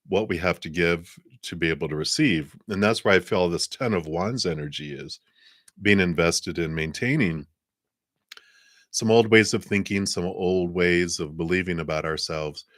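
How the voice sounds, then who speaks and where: A man giving a live-stream tarot reading, soft-spoken and meandering with many fillers, talking around a cough drop. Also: sits low, dry recording, studio quality. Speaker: tarot reader.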